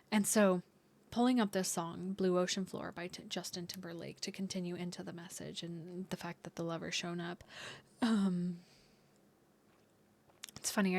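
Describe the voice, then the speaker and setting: A woman reads tarot cards for her viewers in a soft, meandering way. She searches for her words, circling back with fillers and restarts as she tunes into the cards. Her pitch sits in an ordinary middle range. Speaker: tarot reader. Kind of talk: intuitive tarot reading to viewers.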